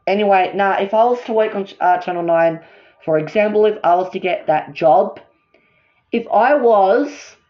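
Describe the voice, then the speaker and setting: A woman ranting as a fan vlogger, worked up and repeating herself. She keeps apologizing for getting upset. Her voice sits at a middle pitch, and the recording sounds dull and lo-fi. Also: normal speed. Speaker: fan vlogger ranking songs.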